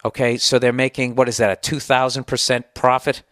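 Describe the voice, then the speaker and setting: A man's voice: mid-range voice, level tone, brisk, a bit bright, dry recording. Middle-aged boston guy ranting and swearing into a dry close mic, sarcastic. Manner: sarcastic, profane, heated. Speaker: podcast host. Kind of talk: ranting monologue.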